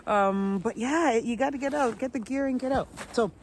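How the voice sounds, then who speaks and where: A woman's voice: fairly high pitch, normal speed, slight background noise, rough recording. A woman, talking in a rambling, chatty vlog monologue outdoors. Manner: warm, chatty, rambling with restarts. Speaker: vlogger.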